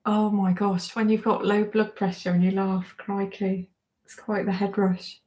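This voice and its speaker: A woman's voice: mid-range voice, level tone, slow pace, pauses often, a little mellow. A woman, hosting a casual livestream, reading out comments, chatting and often breaking into giggles. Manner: giggly, keeps breaking into laughter; chatty and self-deprecating. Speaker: livestream host.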